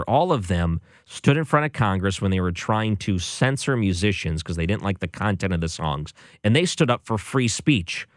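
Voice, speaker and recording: A man's voice: deep voice, dry recording, studio quality. A man hosting a show, giving casual music commentary with a sarcastic, exasperated manner. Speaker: radio or podcast host.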